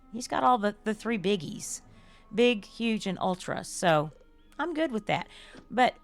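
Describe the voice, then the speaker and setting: While playing a game on a live stream, an older woman chats effusively with her audience, laughs frequently, and thanks her viewers. Her voice is gravelly and medium in pitch.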